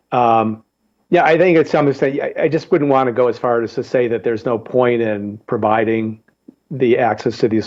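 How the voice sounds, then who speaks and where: A male journalist answering interview questions in a measured, explanatory way. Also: mid-range voice, a little mellow, dull audio. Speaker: journalist guest.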